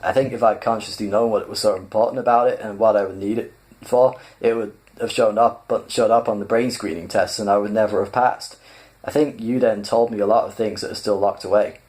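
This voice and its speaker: A man's voice: on the low side, steady tone, brisk, darkish tone, close to an everyday voice. A man voicing a brash, grinning male president of the galaxy in a poor put-on American accent that keeps slipping. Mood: offhand. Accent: put-on American, admittedly poor. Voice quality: casual, offhand, drifts between accents.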